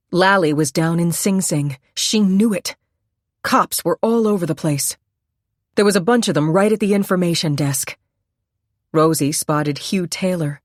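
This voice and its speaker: A woman's voice: sits low, no echo, clean studio sound. A woman narrating a suspense audiobook in a tense, dramatic reading.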